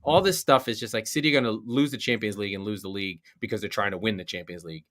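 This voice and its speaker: A man co-hosting a podcast, chatting casually about soccer, getting excited and swearing when worked up. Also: lowish voice, very fast. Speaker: podcast co-host. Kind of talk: casual sports chat.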